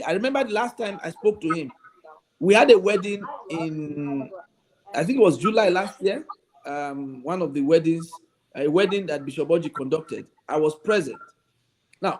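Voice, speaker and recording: A man's voice: high voice, slight background noise, rough recording. A man, a bishop and guest on a talk show, telling his story in an emphatic, pleading way. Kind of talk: radio talk show interview.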